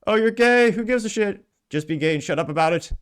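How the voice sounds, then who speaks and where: A man voicing a blunt older male starship captain in a put-on stage accent, much higher and louder than his own talk. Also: animated, quick pace, clear, resonant tone. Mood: exasperated.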